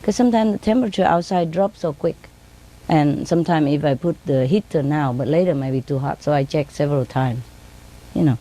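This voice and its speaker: A woman telling casual stories in simple, broken English, laughing often and mimicking her birds in high sing-song tones. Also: brisk, warm tone. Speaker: speaker telling stories about her pets. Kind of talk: casual storytelling.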